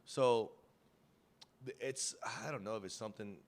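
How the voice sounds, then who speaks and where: A podcast co-host with a fairly low voice and darkish tone tells loose, profane stories at a moderate pace. The chat is casual, and he laughs often.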